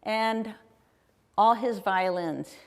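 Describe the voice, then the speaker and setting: A woman from Ohio, USA, invited as a guest speaker, leads a live slide-illustrated travel talk in a performing arts center auditorium. Her medium-pitched voice is very slow, clear and resonant, and her manner is chatty and enthusiastic with many questions for the audience. Long reverb from the big hall and a live audience fill the recording.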